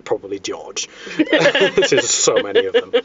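A man's voice: sits high, huge pitch swings, measured pace, creaky, crowd noise. Rambling man telling history. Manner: rambling storytelling with many fillers and restarts. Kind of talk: casual chat. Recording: dull lo-fi sound.

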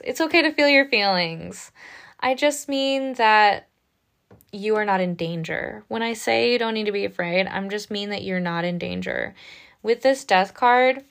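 A woman gives a casual tarot reading at an ordinary mid pitch. She talks gently and reassuringly, with a chatty flow full of little asides and check-ins. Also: normal speed, gravelly. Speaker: tarot reader.

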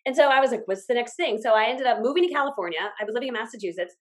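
A woman being interviewed as a guest, telling stories in a casual, animated way. She acts out her own past dialogue, laughs often and talks in quick run-on stretches with many fillers. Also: on the high side. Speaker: guest, business owner.

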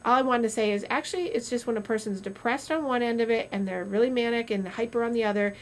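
A woman's voice: on the high side, fast talker. A woman doctor chatting casually on a podcast, telling stories animatedly with metaphors and restarts. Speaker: doctor co-host.

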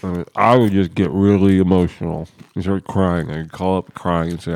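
A man's voice: deep voice, little pitch movement, normal speed, hardly any pauses, darkish tone, no echo. A man in casual comedic chat, joking and laughing often as he acts out silly scenarios.

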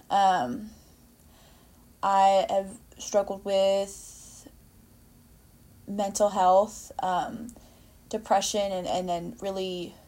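A young woman talks through a movie on her solo podcast in a loose, rambling way. She fills her speech with "like" and "you know," corrects herself mid-sentence, and briefly slips into the voices of the people she quotes. Her pitch sits in the ordinary middle range. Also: a little mellow. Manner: chatty and rambling, frequent fillers and self-corrections, acts out quotes. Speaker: podcast host. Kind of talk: casual solo podcast chat about a movie.

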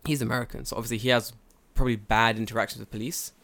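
A man's voice: medium pitch, fairly even intonation, racing, gravelly, a bit bright. A man in casual podcast chat, telling stories with lots of swearing and acting out quoted voices. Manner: profane, storytelling, acts out quotes. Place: lives in Japan.

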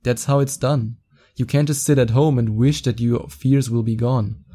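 A young man hosting a podcast, giving excited, fast-talking advice in a casual solo chat, quick to laugh. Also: medium pitch. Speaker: podcast host.

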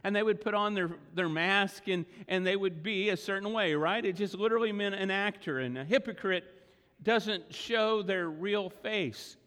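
A middle-aged man preaching a sermon as pastor, earnest and emphatic, slowing down to stress key words. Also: sits high, fairly bright tone. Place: church sanctuary. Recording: long hall reverb.

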